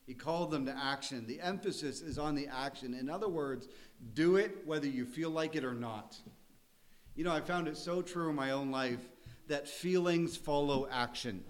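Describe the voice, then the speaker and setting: A man preaching a sermon in a church. He speaks earnestly and conversationally in a mid-pitched voice, sometimes laughing and rising to emphasis. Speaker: pastor.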